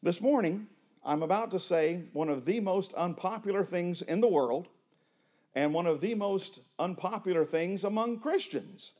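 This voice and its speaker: A man preaching a sermon to a church congregation, rising to loud emphatic peaks and dropping to low, hushed lines. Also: moderate pace. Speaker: pastor.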